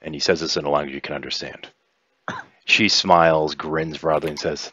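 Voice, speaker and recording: Man, game master, animated storyteller. Very low voice; dull, dry lo-fi mic. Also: normal speed, breathy edge, no echo. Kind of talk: narrating a tabletop game.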